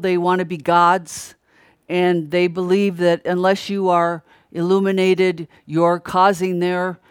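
A preacher gives earnest, emphatic sermon-style Bible teaching, repeating key phrases and often restarting sentences midway. The voice is medium-pitched and smooth, recorded at studio quality with no room sound.

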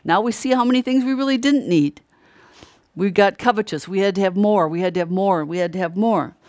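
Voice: mid-range voice, fairly quick, darkish tone, dry recording, studio quality. A preacher giving an earnest, emphatic Bible teaching, repeating key phrases and often restarting mid-sentence. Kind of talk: sermon-style Bible teaching.

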